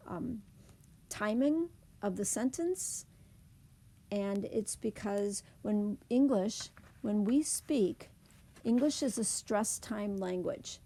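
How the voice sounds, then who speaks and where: A woman teacher explaining speech sounds in a phonics lesson, saying example words slowly and clearly. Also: mid-range voice, mellow. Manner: clear, deliberate demonstration of words.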